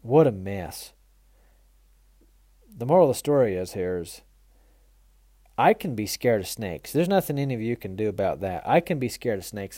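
A man's voice: medium pitch, a little mellow, no room sound, clean studio sound. A man who hosts a mule training tips show, telling a folksy, self-mocking story with frequent laughter and then turning it into a riding lesson.

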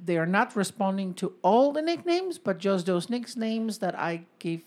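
A woman's voice: medium pitch, lively intonation, normal speed, darkish tone. A woman co-hosting a casual chat, talking easily and giving tips.

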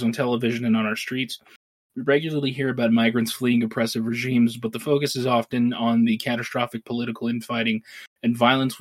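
A man in casual conversation as a podcast co-host, playful and quick to laugh. His voice sits in an average pitch range. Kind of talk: casual chat.

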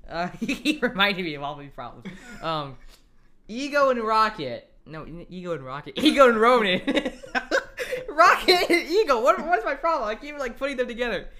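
A man's voice: very high-pitched, big pitch swings, moderate pace, bright, forceful tone. A man co-hosting a casual podcast, complaining about a film, laughing often and tripping over his words. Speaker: podcast co-host. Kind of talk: casual chat, film review.

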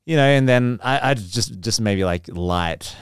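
A man's voice: on the low side, animated, measured pace, smooth. A man hosting a casual chat, laid-back and full of fillers. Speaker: podcast host.

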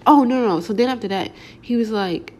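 A woman's voice: on the high side, brisk, a little mellow. A young adult woman telling a casual storytime, rambling along with slangy filler words. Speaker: vlogger.

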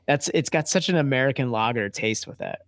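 A man's voice: medium pitch, lively intonation, a little fast, dry recording. A man co-hosting a podcast, chatting casually over a beer, joking and rambling, with frequent laughter. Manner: jokey, rambling, laughs often. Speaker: podcast co-host.

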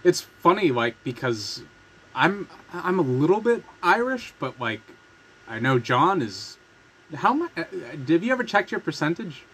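A man's voice: on the high side, big pitch swings, normal speed, a bit bright, slight background noise. A man hosting a podcast who jokes, swears and laughs through casual banter. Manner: joking, laughing, profane banter. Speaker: podcast host. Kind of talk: casual chat.

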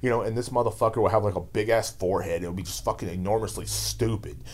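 A man with a fairly low, slightly mellow voice talks fast as the host of his own podcast. Ranting alone in a rambling, fired-up, casual way, he swears constantly.

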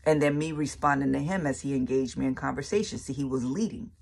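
Speaking quickly at an extremely low pitch, this woman sounds creaky, husky and darkish. She preaches her personal faith testimony in colloquial, casual style, emphatic and repeating phrases for effect.

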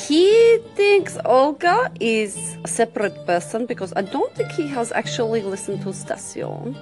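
A woman's voice: mid-range voice, darkish tone. A woman putting on a brash Russian radio lady. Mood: sneaky. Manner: broken English mixed with Russian words, theatrical. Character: brash sly Russian woman radio host who takes from men. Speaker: host.

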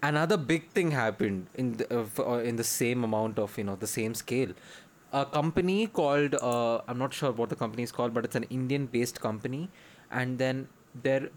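A young man in casual chat with friends, excitable, often laughing and restarting his sentences. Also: medium pitch, brisk.

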